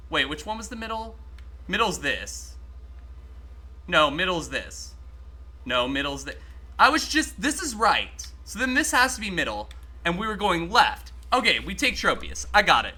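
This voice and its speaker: A man streaming a game live, chatting excitably with his viewers and swearing freely as he plays. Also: fairly high pitch. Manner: talks to chat while playing. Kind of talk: casual live-stream gaming commentary.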